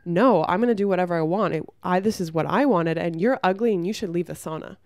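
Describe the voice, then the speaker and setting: A woman's voice: lowish voice, fast talker, mellow, no echo, studio quality, close to an everyday voice. A woman voicing an aggressive young man at a gym who dismisses her with hostile insults.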